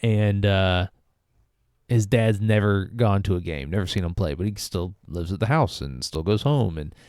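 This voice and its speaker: A man's voice: low-pitched, normal speed, darkish tone, dry recording, clean studio sound. A man hosting a casual spoken film review, rambling with many fillers and restarts. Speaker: movie review host.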